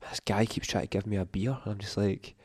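A man's voice: lowish voice, steady tone, fast, darkish tone, no room sound, clean studio sound. A man, a podcast guest, telling an emotional story in casual chat, swearing often.

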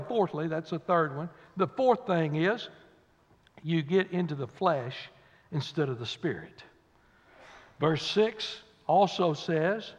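A man preaching a fiery revival sermon in a folksy way, dropping to low murmurs and rising to loud cries. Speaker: pastor. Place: church sanctuary. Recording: dull recording in a big reverberant church.

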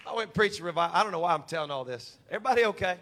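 A man's voice: high-pitched, lively intonation, racing, sharp tone. A man in his forties preaching a sermon as a humorous, folksy story. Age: 40s.

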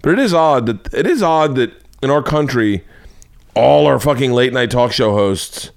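A man's voice: medium pitch, moderate pace, creaky. A middle-aged man hosting his own podcast, rambling through stories in a loose, profane, comedic monologue. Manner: profane, rambling, animated storytelling. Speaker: podcast host.

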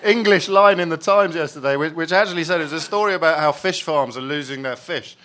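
A man's voice: fairly high pitch, fast, a bit bright. A man hosting a comedy panel show, giggling often while he steers the discussion back to the question.

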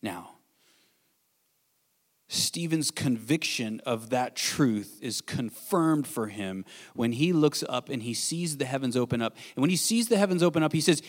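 A man pastor preaching an earnest sermon in a church, swinging between bold declarations and hushed, quiet passages. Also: on the high side, expressive, moderate pace, long reverb tail. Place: church sanctuary.

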